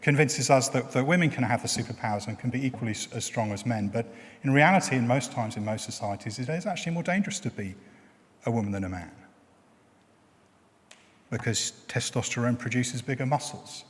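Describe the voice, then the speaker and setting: A man's voice: medium pitch, fairly quick, long pauses. A middle-aged man preaching a sermon in a chatty, explaining way, using everyday examples. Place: church. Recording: long reverb of a church hall.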